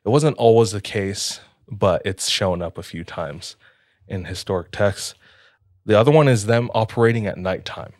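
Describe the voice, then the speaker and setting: A young man with a fairly low voice narrates a strange encounter in a loose, conversational way, peppering his sentences with fillers. The sound is dry and close, with no room around it. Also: normal speed, darkish tone, dry recording. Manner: laid-back, many "like" fillers. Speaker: podcast co-host telling a story. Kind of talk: casual storytelling.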